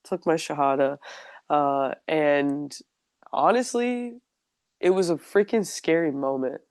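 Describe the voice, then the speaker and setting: A woman's voice: low voice, slow pace, a little mellow, no room sound, studio quality. A young woman telling her own story in a casual interview, chatty and openly emotional, filling her sentences with "like.". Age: young adult.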